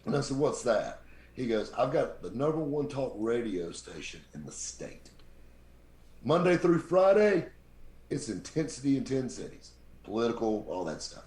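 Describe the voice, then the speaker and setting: A man with a very deep voice, telling lively stories as a podcast guest and acting out the people he quotes. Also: normal speed. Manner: animated anecdote-teller, acts out quoted people. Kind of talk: casual storytelling. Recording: roomy echo.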